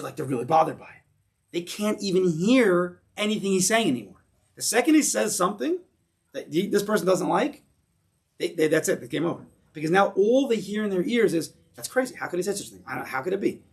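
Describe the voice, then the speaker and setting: An American rabbi gives a Torah class to his congregation in a synagogue. His voice sits a little high for a man. He talks in an animated way, asks rhetorical questions and acts out the voices in people's heads. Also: vocal fry.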